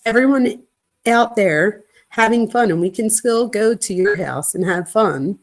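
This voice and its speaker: A woman's voice: mid-range voice, lively intonation, a little slow, pitched above the performer's own voice, lightly acted. A woman reading aloud the offhand, slangy text messages of a young man to his girlfriend.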